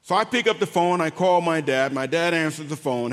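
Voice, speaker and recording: A man with a somewhat high voice tells his story of faith in a halting, heartfelt way, often stumbling and repeating his words. His voice rings out with a long reverb, as if recorded in a large hall. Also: a bit bright. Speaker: guest, former pro football player. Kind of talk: emotional faith testimony.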